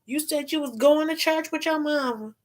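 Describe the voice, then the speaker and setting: A woman's voice: sits high, moderate pace, voice pushed up, natural voice. A woman playing a stammering angry wife. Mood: accusing. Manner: stammering, accusing. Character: angry wife confronting a cheating husband.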